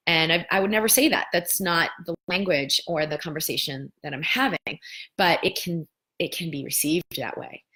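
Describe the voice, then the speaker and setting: A woman in her thirties answering viewer questions in a casual spiritual coaching talk, animated and playing out the voices of doubters. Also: on the low side, a little fast.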